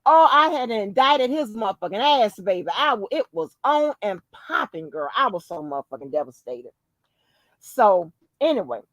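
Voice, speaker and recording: Her voice sits at a medium pitch and moves at a normal speed as she hosts a podcast, spinning a tale in loose conversation packed with swearing and emphasis. The audio is poor, with no room sound, and her delivery is animated and profane.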